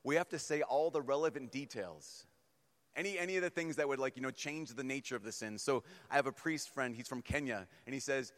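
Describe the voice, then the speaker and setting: Joking priest preaching in an echoing hall. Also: male voice, medium pitch, a little fast. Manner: humorous, animated, acts out stories. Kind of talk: sermon to a youth gathering. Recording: long reverb in a large hall.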